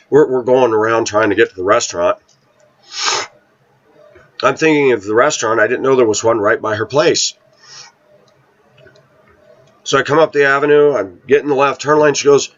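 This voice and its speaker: A man telling a story in casual, rambling talk, often clearing his throat and repeating himself. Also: medium pitch, moderate pace, long pauses, fairly bright tone, muffled recording.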